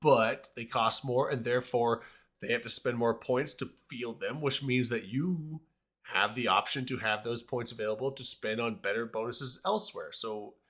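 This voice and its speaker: A man's voice: mid-range voice, moderate pace, a bit bright. A man hosting a casual panel discussion, talking in a hesitant, rambling way with many restarts.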